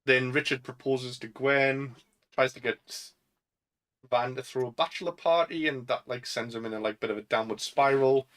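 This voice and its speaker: A Northern English man co-hosting a casual podcast chat with a bright, forceful voice at an ordinary pitch. He laughs often and breaks into put-on voices to quote films. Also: fairly even intonation, normal speed. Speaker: podcast co-host.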